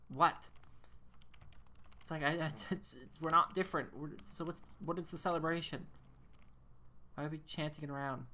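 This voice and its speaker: While live-streaming a game, a low-voiced woman chats casually, sounding pushed and bright. She rambles and sounds incredulous, laughing often between her thoughts.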